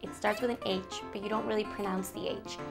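A woman teaching toddlers simple words, slow and sing-song, with playful sounds. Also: mid-range voice, fairly even intonation, creaky, music in the background. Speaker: children's Spanish teacher.

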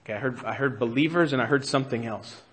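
Male pastor, sermon in a church, conversational, bright tone. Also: medium pitch, quick pace, in a large hall, slight background noise. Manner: conversational, asks the congregation questions. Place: church sanctuary.

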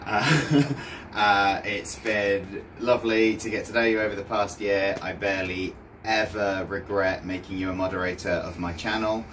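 A man's voice: fairly low pitch, steady tone, moderate pace, recorded from a distance, slight background noise. A man giving a teasing, jokey birthday message. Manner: warm teasing, laughing.

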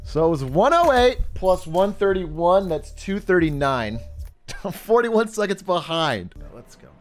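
A man's voice: high voice, big pitch swings, unhurried. A young man livestreaming a video game speedrun, talking casually, laughing often, swearing, and bursting out in frustration. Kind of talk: live gameplay commentary.

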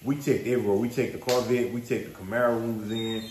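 A man's voice: mid-range voice, steady tone, quick pace, darkish tone, echoey room, slight background noise. A man hosting a vlog, telling a story casually and animatedly in slangy speech. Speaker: vlog host.

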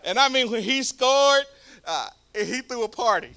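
Lively high-voiced preacher. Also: male voice, a little slow, gravelly, clean tone. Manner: animated storytelling preacher. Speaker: pastor. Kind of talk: sermon.

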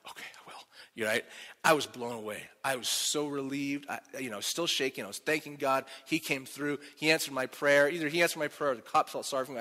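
Male pastor, animated sermon storytelling, bright forceful voice, long church reverb. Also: on the high side. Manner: animated, self-deprecating storytelling. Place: church sanctuary.

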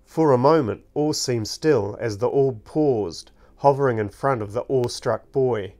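Man narrating a fantasy storybook, measured pace, medium pitch, unhurried. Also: a little mellow. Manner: slow, deliberate reading.

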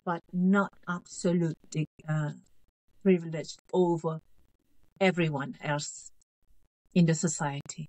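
A woman in her fifties, raised in North Korea, speaks as an interview guest in a slightly low voice. She is halting and earnest, repeats phrases and keeps checking that she is understood. The sound is dry and close. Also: fairly even intonation, a little mellow, no room sound, rough recording. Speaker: author guest. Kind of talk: interview conversation.

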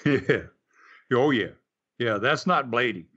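A man's voice: medium pitch, lively intonation, slow, sharp tone, breathy edge. An older man, a former wrestler, telling folksy stories in a casual interview, full of fillers and restarts. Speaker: wrestling guest. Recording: slightly dull lo-fi audio.

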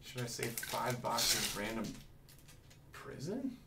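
A man hosting a live card-breaking stream, calling out each pull with hyped excitement. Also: medium pitch, slow, vocal fry. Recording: roomy echo from mic distance, faint noise.

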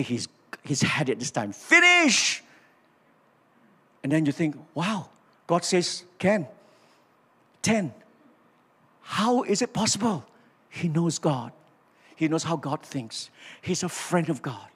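With a high-pitched, slightly rough voice, an older pastor with a Malaysian English accent delivers a sermon in a large church auditorium, captured with the reverb of the hall. He animatedly acts out dialogue in his stories and calls on the congregation to respond.

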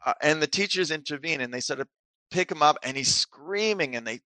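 A man, a psychotherapist and author, talking as a guest on a podcast and telling lively stories that act out the people in them. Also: on the high side, brisk, no room sound. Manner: animated storyteller, acts out quoted people. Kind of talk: casual interview talk, storytelling.

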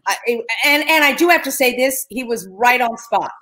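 A woman's voice: sits high, lively intonation, moderate pace, sharp tone, slight background noise. A woman and former cast member sharing reflective stories in a reunion video call.

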